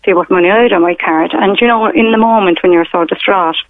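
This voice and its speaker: A woman's voice: medium pitch, quick pace, no echo. A middle-aged woman, calling in to a radio show and telling a personal story in a hesitant, rambling way full of fillers. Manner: rambling, hesitant, many fillers and retold quotes. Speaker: caller. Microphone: telephone. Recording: tinny phone line.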